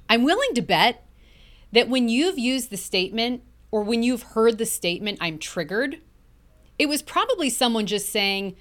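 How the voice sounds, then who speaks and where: A woman's voice: mid-range voice, a bit bright. A middle-aged woman hosting a motivational podcast, talking earnestly and emphatically and stretching key words for effect. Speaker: podcast host.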